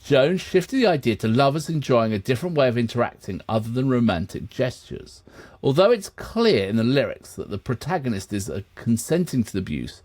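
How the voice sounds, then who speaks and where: A man's voice: mid-range voice, darkish tone, dry recording. A man co-hosting, chatting casually and reading from notes, often laughing and steering the talk back on track. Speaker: co-host of a music reaction channel.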